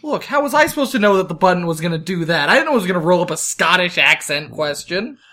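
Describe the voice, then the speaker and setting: A man's voice: sits high, sing-song, quick pace, pushed and bright. A man co-hosting a casual podcast, making teasing wisecracks. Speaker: podcast co-host.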